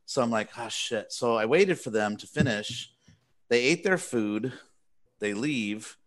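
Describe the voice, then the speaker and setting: A man's voice: mid-range voice, animated, unhurried. Man, podcast host, casual storytelling, rambling, self-deprecating, laughs a lot, from California. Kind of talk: casual storytelling among friends.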